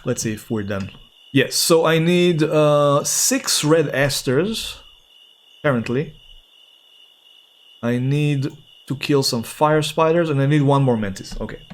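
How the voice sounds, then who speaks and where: A man's voice: medium pitch, slight background noise. A man streaming a game, talking casually and playfully as he reacts to what happens. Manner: chatty and playful, reacting aloud as he plays. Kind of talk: casual gameplay commentary.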